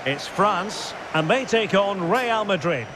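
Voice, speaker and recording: Football commentator over loud game noise. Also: male voice, high voice. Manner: measured calls that rise to excited shouts at goals. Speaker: play-by-play commentator.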